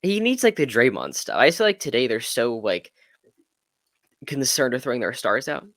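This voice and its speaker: A man co-hosting a podcast, chatting casually about sports and acting out quotes in an animated way. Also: medium pitch, moderate pace, dry recording, studio quality. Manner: animated, acts out quotes with swearing. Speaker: podcast co-host. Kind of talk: casual sports debate chat.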